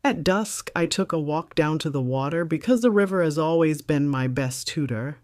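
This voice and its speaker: A woman's voice: sits low, animated, normal speed, a little mellow, no room sound, clean studio sound. Composed, wry middle-aged woman narrator. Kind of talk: scripted first-person story narration.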